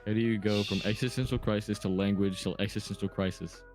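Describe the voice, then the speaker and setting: A man's voice: lowish voice, steady tone, darkish tone, soft background music. A young man co-hosting a casual podcast, teasing his friend and jumping in to interject. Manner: teasing, quick to laugh and interject. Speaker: podcast co-host. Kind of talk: casual chat.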